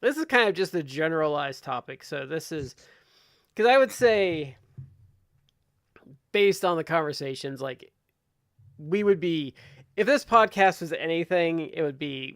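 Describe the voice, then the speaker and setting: A man's voice: a little high, measured pace, fairly bright tone, dry recording, clean studio sound. A man from Ohio hosting a casual podcast chat, rambling along with lots of "like" and restarts. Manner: rambling, heavy use of "like" and restarts. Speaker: podcast host.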